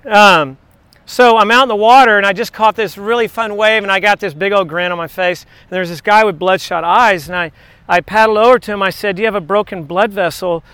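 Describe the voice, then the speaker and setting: Excitable high-voiced man telling faith stories. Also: fairly quick, clean tone, dry recording. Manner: excitable, chatty, digressive. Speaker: teacher giving a devotional message. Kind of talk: rambling faith storytelling to a class.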